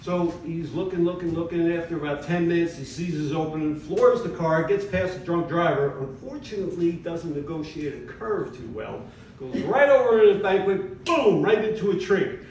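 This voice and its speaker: A man's voice: a little high, expressive, normal speed, darkish tone, a little hiss or hum. An older man, a retired firefighter, telling brash, profane stand-up stories in a former yoga studio. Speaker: stand-up comedian. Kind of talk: stand-up comedy. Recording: echoey room, distant mic, audience.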